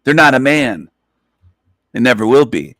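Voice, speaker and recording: A man's voice: mid-range voice, big pitch swings, a little slow, a bit bright, no echo, studio quality. A man hosting an online radio show, ranting in an emphatic, profane, repetitive monologue. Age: adult, past twenties.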